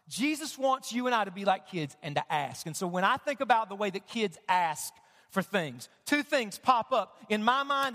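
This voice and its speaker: A male pastor preaching a sermon, animated, leading his congregation in call-and-response. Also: very high voice, big-room sound. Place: church sanctuary.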